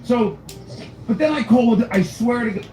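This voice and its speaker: A man telling a story in a casual podcast chat, lively and swearing often. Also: very high voice, moderate pace, reverberant, slight background noise, low-quality recording.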